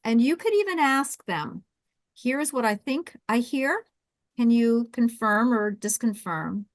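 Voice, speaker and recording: A woman with a South Jersey accent hosting a webinar, coaching with lively restarts and repeated words. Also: a little high, takes it slowly, no echo. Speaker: webinar host and intercultural coach.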